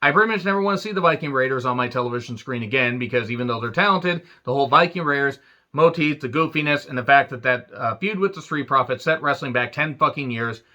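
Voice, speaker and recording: A man's voice: mid-range voice, animated, fast talker, sharp tone, muffled recording. A man ranting through a wrestling show recap with sarcastic crude jokes and frequent swearing.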